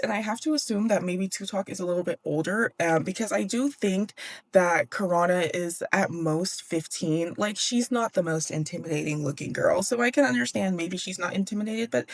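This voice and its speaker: A woman's voice: mid-range voice, no echo. A woman giving a casual, slangy book recap with sarcastic asides and frequent laughs. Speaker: book vlogger.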